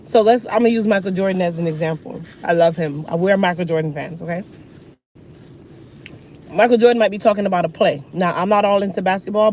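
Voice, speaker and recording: A woman's voice: lowish voice, brisk, a little hiss or hum. Sassy ranting woman, mouth full. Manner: animated, sassy, talks with food in mouth. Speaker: hair care vlogger. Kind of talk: casual rant while getting ready.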